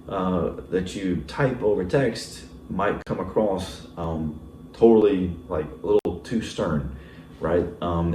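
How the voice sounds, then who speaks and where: A man's voice: deep voice, warm tone, echoey room, far from the mic, a little hiss or hum. A male pastor giving a casual, conversational sermon, full of fillers and often checking in with the congregation. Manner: casual, filler-heavy, asks the congregation "right?". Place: church sanctuary.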